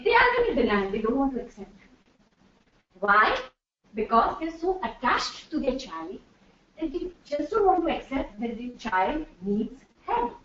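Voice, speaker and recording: A woman's voice: sits high, a little hiss or hum. A middle-aged woman giving a chatty workshop talk to a live audience as a corporate trainer, slipping into Hindi and laughing often. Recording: distant, dull, echoey room.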